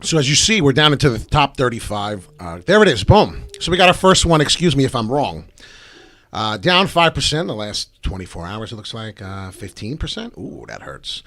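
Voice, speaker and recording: A man hosting a live crypto trading stream, brash and profane, talking fast with lots of filler ums. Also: mid-range voice, sing-song, fairly bright tone, no echo. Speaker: crypto trading livestream host. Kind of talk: live market commentary.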